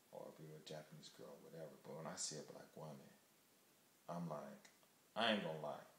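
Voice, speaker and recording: Deep-voiced man rambling in an echoey room. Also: a bit bright, a little hiss or hum. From United States. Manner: rambling, emphatic, candid. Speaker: vlogger. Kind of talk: casual monologue to camera. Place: Japan.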